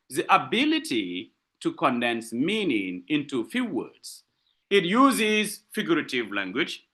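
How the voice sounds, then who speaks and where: A man teaching a literature class, explaining patiently and repeating his points. His voice sits high and swings widely in pitch. It has a bright, forceful edge. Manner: repetitive, explanatory, asks and answers his own questions. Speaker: literature lecturer. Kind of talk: university lecture.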